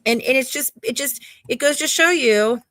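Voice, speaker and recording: A woman's voice: sits high, moderate pace, sharp tone, no room sound. A woman co-hosting a casual live show, rambling and exasperated, restarting her sentences. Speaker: podcast co-host. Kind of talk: casual live-stream chat.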